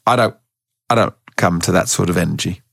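A man voicing his calm, stubborn female dog as she refuses his commands in a matter-of-fact way, in a gravelly, husky voice. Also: low voice, fairly quick, no echo, studio quality, pitched below the performer's own voice, exaggerated voice.

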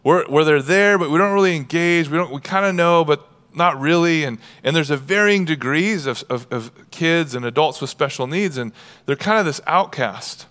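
A male pastor preaching a sermon, animated, moving between hushed passages and shouting. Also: on the high side, normal speed, in a large hall. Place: church sanctuary.

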